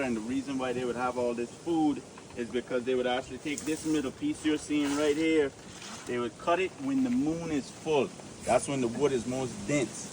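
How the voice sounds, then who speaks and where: Caymanian male tour guide, joking and animated, outdoors, heard from a distance with faint noise. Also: mid-range voice. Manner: joking, lively and animated, with local slang.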